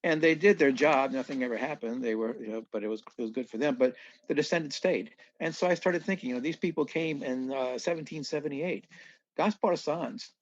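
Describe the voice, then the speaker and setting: A man from southeast Louisiana, a guest on a podcast, telling stories in an animated way with many restarts and asides. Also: medium pitch, brisk, lo-fi sound. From southeast Louisiana, USA. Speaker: guest musician. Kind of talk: storytelling in a casual podcast chat.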